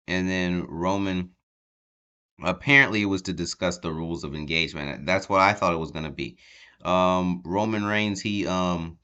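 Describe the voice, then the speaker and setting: A man with a low, smooth and resonant voice recaps a wrestling show for his channel. His talk is loose and rambling, full of ums and restarts, and he chuckles at the funny parts. It sounds like a casual, unscripted vlog. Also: bright, forceful tone, dull audio. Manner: rambling, lots of ums, laughs at the story.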